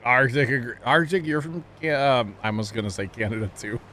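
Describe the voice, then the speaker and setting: A man's voice: medium pitch, normal speed, pushed and bright, a little hiss or hum. A man chatting casually with his viewers while streaming a game, talkative and self-teasing, laughing often.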